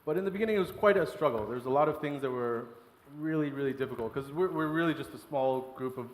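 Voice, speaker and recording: A man, a chef, talking casually and quickly in an interview with laughing asides. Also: medium pitch. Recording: echoey room with long reverb.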